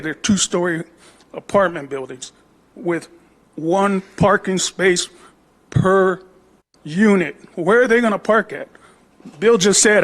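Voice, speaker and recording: A man's voice: sits high, fairly bright tone. A middle-aged homeowner, a man, speaking at public comment, aggrieved and plain-spoken about a project next door. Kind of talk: city council public comment.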